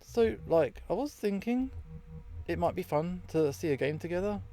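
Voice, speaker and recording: A man's voice: high-pitched, lively intonation, normal speed, dark tone, pitched above the performer's own voice. A man voicing a laid-back jock ghost who talks in breezy slang, over faint game music. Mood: upbeat. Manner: surfer-style slang, breezy.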